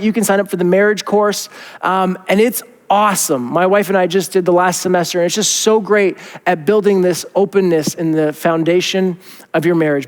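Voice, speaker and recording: A man in his thirties, a pastor preaching in a casual, animated way with many fillers. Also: high-pitched, clean tone, in a large hall. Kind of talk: sermon.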